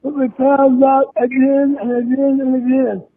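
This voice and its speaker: A man snarls threats and curses in an angry rant. His voice sits very high and comes through a thin, tinny phone-like recording. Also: flat delivery, measured pace. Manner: threatening, cursing. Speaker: voice in a played message.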